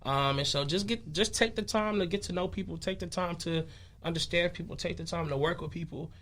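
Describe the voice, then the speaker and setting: A man's voice: fairly high pitch, fairly quick, a bit bright. A young man from Chicago, a musician guest talking loosely and casually in an interview, with many fillers. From west side of Chicago. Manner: laid-back, loose and conversational, with many fillers.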